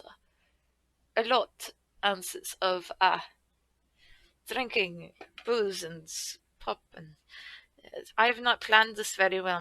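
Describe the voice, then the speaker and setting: A woman's voice: medium pitch, vocal fry, bright, forceful tone, dry recording, low-quality recording. Woman streamer in a mock German accent. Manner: put-on stereotypical German accent; formal, slightly stilted phrasing. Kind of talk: casual chat while gaming.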